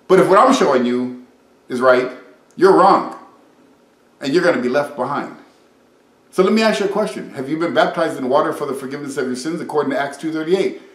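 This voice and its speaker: A man's voice: a little high, a little fast, pauses often. Man preaching in an echoey room. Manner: conversational, retells dialogue with lively shifts. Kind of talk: informal sermon with scripture reading.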